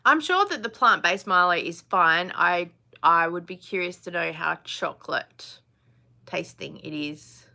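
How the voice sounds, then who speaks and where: A woman's voice: lowish voice, expressive, a little slow, gravelly, bright, forceful tone. A woman, hosting a casual live chat, chatty and blunt, laughing often. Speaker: live stream host.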